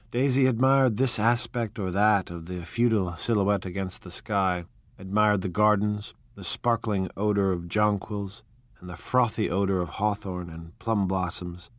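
A man narrating a classic novel aloud in a measured, lyrical storytelling manner. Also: deep voice, no echo. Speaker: audiobook narrator.

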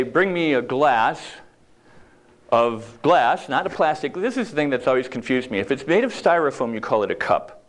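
A man giving a humorous motivational talk in a conversational, joking way, acting out little quoted exchanges. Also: medium pitch. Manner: conversational, jokey, acts out quoted lines.

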